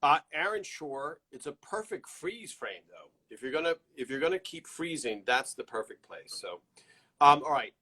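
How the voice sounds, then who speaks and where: Bright-voiced chatty male live-stream host. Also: fairly high pitch, sing-song, moderate pace, slightly rough. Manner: chatty, loud, greets viewers one by one. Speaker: host of a live fan show. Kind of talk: casual live-stream chat greeting viewers. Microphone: built-in computer mic.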